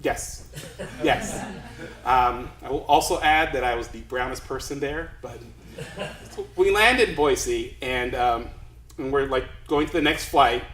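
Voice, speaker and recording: A man's voice: mid-range voice, unhurried, a bit bright, roomy sound, poor audio. A man from Los Angeles telling a comic story to a live crowd, chatty and self-deprecating, rambling along. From Los Angeles, USA.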